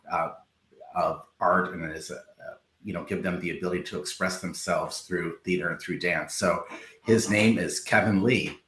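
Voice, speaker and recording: A man's voice: sits low, a bit bright. A man co-hosting a livestream, speaking in an enthusiastic, earnest way. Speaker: co-host of a livestream show. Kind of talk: casual live-stream chat. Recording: roomy echo.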